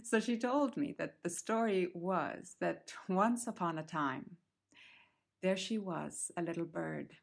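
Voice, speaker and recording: A woman with a fairly low voice tells an old folk tale at a very slow, patient pace. She repeats phrases in a rhythm and speaks to her listener as darling. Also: vocal fry. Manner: unhurried, repetitive, addresses listener as darling. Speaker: storyteller. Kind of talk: oral folk-tale telling.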